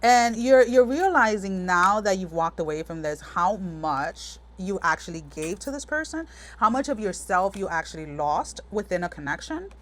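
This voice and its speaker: A woman's voice: medium pitch, animated, normal speed, a little hiss or hum. A woman giving a casual pick-a-card tarot reading, talking frankly and rambling with lots of fillers and restarts. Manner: chatty, meandering, many fillers and restarts; frank, direct address to the viewer. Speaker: tarot reader.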